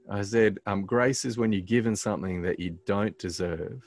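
Low-voiced man telling a story. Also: vocal fry, a little mellow, dry recording. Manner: halting, many ums and restarts; earnest, faith-filled reflection. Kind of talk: casual conversational storytelling.

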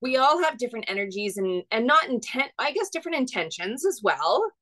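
A woman's voice: on the high side, very animated, fairly quick, sharp tone, rough recording. A woman co-hosting a podcast as a medium, talking in a casual, reflective and thoughtful way. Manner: reflective and thoughtful, agreeing often. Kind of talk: casual chat.

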